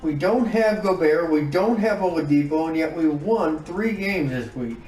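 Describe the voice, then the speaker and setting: A man giving casual commentary on his own game season, reacting out loud to each win and loss. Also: on the high side, animated, moderate pace, echoey room, far from the mic, soft background music, low-quality recording. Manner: emotive, groans and exclaims over results. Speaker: gaming YouTuber.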